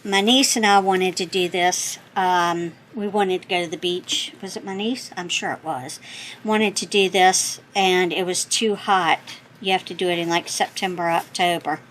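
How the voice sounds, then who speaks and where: A middle-aged woman hosting a craft channel, chatting as she opens mail, gushing and thinking out loud as she corrects herself. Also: on the low side, fairly even intonation, moderate pace, slight background noise, low-quality recording. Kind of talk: casual chat opening happy mail.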